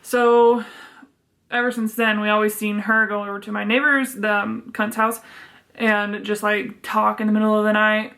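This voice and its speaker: Gravelly, chatty young woman vlogger. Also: medium pitch, flat delivery, moderate pace, a bit bright. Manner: profane, exasperated, chatty. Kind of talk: casual storytime vlog.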